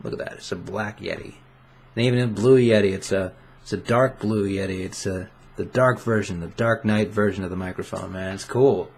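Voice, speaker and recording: A young man talks into a desk condenser mic in his room, in a casual vlog. His voice sits a bit low, and he rambles playfully, mocks himself and restarts his sentences. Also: steady tone, fairly quick. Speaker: vlogger. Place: home room with webcam.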